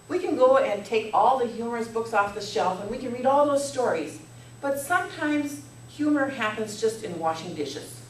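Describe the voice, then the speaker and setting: A middle-aged woman giving a humorous speech to an audience, playful and leading the room in jokes and laughter. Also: fairly high pitch. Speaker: contest speaker. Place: meeting hall with audience. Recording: echoey hall from far off, faint noise.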